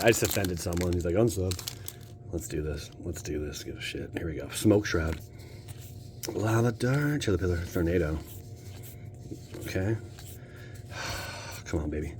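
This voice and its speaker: An American man with a fairly low voice riffs playfully through a casual pack-opening session. He jokes and talks straight to his viewers. A faint hiss sits under the recording. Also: darkish tone. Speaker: channel host opening card packs.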